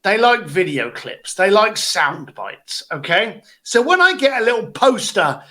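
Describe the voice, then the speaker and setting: Brief: high, bright-voiced male coach, blunt and animated, video call. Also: a little slow. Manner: blunt, animated, acts out quotes. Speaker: business coach.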